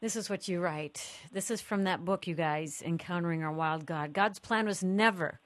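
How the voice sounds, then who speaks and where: A woman's voice: fairly low pitch, normal speed, a bit bright, dry recording. A woman hosting an interview, reading from a guest's book and leading the conversation. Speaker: host.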